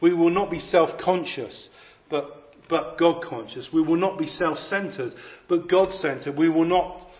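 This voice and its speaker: A man's voice: on the high side, a little slow. A man preaching a sermon, emphatic and repeating phrases for effect. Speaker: visiting preacher. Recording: echoey, slightly dull hall recording.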